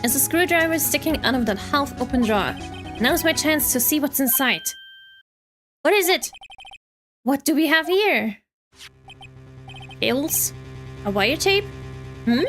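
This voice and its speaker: A woman's voice: high voice, animated, a little slow, pauses often, fairly bright tone, soft background music. A woman reading the lines of an earnest young male defense attorney, musing suspiciously to himself. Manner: earnest, suspicious inner monologue. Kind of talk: reading game dialogue aloud.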